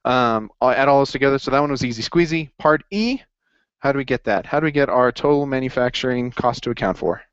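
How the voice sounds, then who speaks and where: A man's voice: medium pitch, fast talker, clean tone, no room sound, dull audio. A man running a casual accounting review session, upbeat and jokey as he encourages his students. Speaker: accounting tutor.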